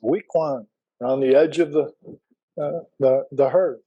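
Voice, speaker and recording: A man's voice: mid-range voice, steady tone, a little slow, muffled recording. A middle-aged man teaching a Bible class in a casual, folksy way, telling personal stories and asking the class questions.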